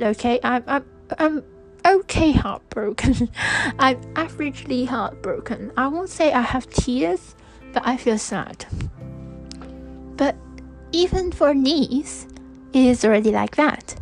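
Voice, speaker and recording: Young woman podcaster musing out loud, slow and halting, bit high voice, faint music under it. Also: poor audio. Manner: slow, hesitant, with many restarts and fillers. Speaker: podcast host. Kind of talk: personal reflective monologue.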